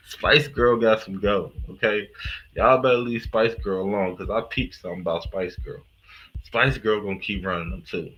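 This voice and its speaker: A man's voice: fairly low pitch, normal speed, bright, forceful tone, muffled recording. A man hosting a live reaction stream, talking in a casual, slangy, profane and emphatic way.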